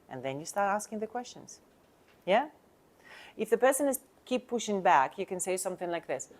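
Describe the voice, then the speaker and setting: A woman's voice: medium pitch, very animated, moderate pace. A woman coaching real estate agents on sales talk, speaking emphatically in non-native English and asking the listener rhetorical questions.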